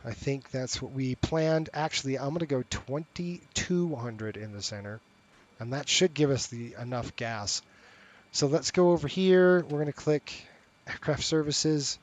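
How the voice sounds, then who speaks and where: A middle-aged man streams a flight sim, chatting casually and addressing his viewers directly in live-stream commentary. His voice is medium-pitched and unhurried.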